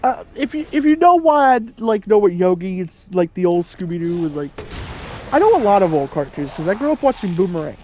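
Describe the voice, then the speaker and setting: A man's voice: high voice, very animated, brisk, darkish tone, a little hiss or hum. A young man in his twenties chatting casually over gameplay, rambling and laughing at his own jokes. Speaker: gaming channel host. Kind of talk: casual let's-play commentary.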